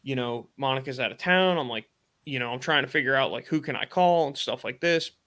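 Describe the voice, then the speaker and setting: A man's voice: mid-range voice, brisk, a bit bright. A man hosting a live stream, casually retelling a personal story in a rambling way with lots of fillers and quoted thoughts. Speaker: podcast host.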